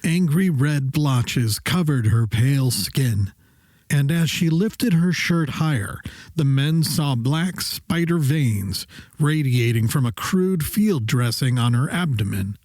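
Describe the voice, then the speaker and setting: A male narrator reading a bedtime sci-fi story in a soft, slow, soothing voice of middle pitch. The recording is dry and close, with no room sound. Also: expressive, dry recording. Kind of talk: scripted sleep story narration.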